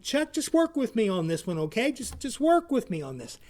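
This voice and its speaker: An earnest aging softball player, put on by a man telling a story, talks in a folksy, halting way and keeps repeating his words. The voice sits noticeably high for a man. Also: sing-song.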